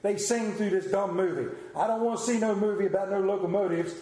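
A man delivers a sermon as a lively storyteller, building up and then pulling back into soft, hushed lines. His voice sits a little high and sounds warm and mellow. The sound rings around a roomy, echoey space. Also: a little fast. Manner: animated storytelling, drops to a hushed voice for emphasis. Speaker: preacher.

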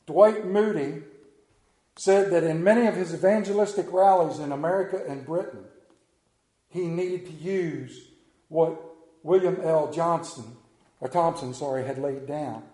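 Man, preacher, sermon, slow, dramatic, loud then hushed, dark tone, echoey room. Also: fairly high pitch. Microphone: camera.

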